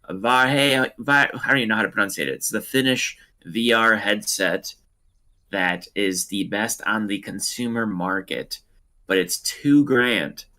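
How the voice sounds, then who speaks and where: Rambly guy gaming on stream, lowish voice, bright and punchy, cracks jokes. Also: a little slow. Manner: joking, rambling, self-interrupting. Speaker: gamer on a stream. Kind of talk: casual gaming chat.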